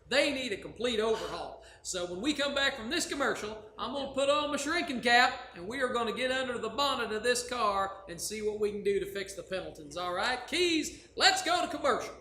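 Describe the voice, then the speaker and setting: A man's voice: high voice, bright, forceful tone, slight background noise. Man playing a hammy talk-show therapist. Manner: hammy, emphatic. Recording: live stage with room echo.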